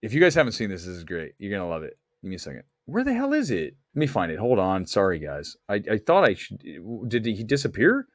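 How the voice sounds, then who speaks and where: A man hosting a movie talk livestream, rambling excitably while he stalls and searches on his computer. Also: lowish voice, fast, few pauses, no echo, studio quality. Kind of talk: casual livestream chat.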